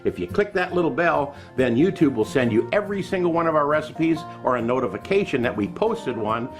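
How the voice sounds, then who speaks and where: A man's voice: fairly high pitch, lively intonation, a little fast, over music. Folksy man with a raised voice. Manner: folksy, easygoing. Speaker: cooking show host. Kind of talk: channel outro.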